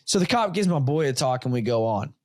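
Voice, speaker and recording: A man in his thirties hosts a relaxed chat, spinning an animated tale and slipping into the voices of each person in it. His voice sits at a middle pitch and is recorded close and dry, with no room around it. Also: brisk, dry recording. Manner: animated storyteller who acts out dialogue. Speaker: podcast host. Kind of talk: casual chat. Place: home studio.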